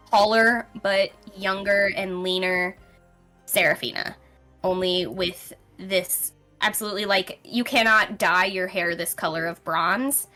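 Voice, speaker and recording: A woman's voice: medium pitch, sharp tone. Chatty woman narrating a tabletop game. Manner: casual, rambling, with many fillers. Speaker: game master.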